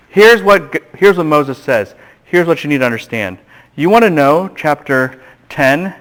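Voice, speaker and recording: Animated man lecturing a class. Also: a little high, poor audio. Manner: animated, asks the class questions and acts out voices. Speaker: seminary lecturer.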